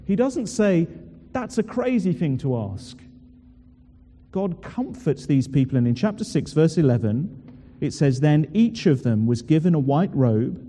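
A man delivers a sermon in a church, leaning on rhetorical questions and drawn-out emphatic phrases. His voice sits a little high yet sounds very dark and mellow. A long hall reverb trails each phrase. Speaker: preacher.

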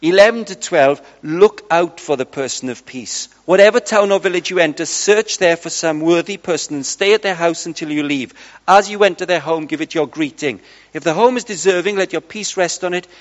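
A middle-aged man preaching, telling lively stories and acting out conversations with his mates. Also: a little high, fairly quick. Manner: lively, chatty, acts out dialogue with friends. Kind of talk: storytelling sermon. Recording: dull sound in a large reverberant hall.

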